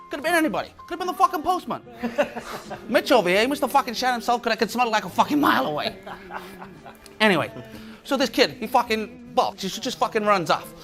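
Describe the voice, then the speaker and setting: An actor playing a profane tough crook telling a chase story in a film scene. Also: male voice, sits high, fairly bright tone.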